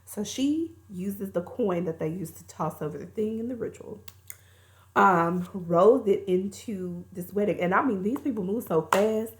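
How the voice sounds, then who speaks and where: A woman's voice: mid-range voice, a little slow. A woman reviewing a movie, recapping the plot in a chatty, colloquial storytelling way.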